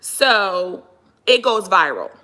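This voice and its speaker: A woman's voice: mid-range voice, takes it slowly. A woman from Pennsylvania giving casual, exasperated commentary on a livestream and greeting viewers as she talks. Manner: animated, exasperated, greets viewers mid-rant. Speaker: livestream host.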